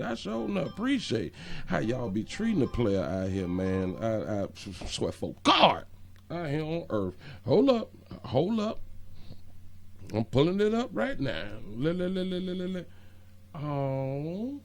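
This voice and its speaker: A man's voice: a little high, very animated, moderate pace, mellow, no room sound. A man hosting a casual livestream, reading out viewer comments in a playful, slangy way with frequent stammered fillers. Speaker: livestream show host.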